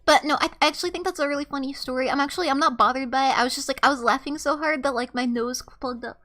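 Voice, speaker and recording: A young woman with a very high, sharply bright voice tells a story to her stream chat. She talks casually and animatedly, swears freely and laughs easily, with faint music playing underneath. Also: very fast.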